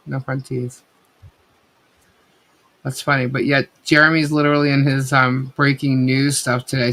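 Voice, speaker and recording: A woman co-hosting a casual live chat stream rambles bluntly and swears plenty in her commentary. Her voice is extremely low in pitch, with a fairly bright tone.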